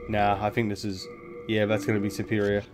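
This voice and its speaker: A man's voice: fairly low pitch, completely flat delivery, fairly quick, over music. A man giving casual gameplay commentary, thinking aloud, explaining game mechanics and swearing freely. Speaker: gaming video host.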